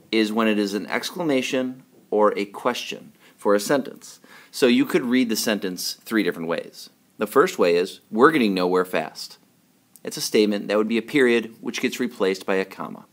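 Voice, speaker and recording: Male teacher, lower register, patient explainer for a classroom writing lesson. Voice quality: patient, explanatory, checks in with "okay?".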